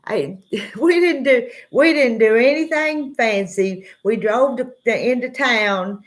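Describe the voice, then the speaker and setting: On an early-morning livestream, a Southern-accented woman with a voice on the high side takes things slowly, rambling in a laid-back manner and greeting her viewers one by one by name in casual chat.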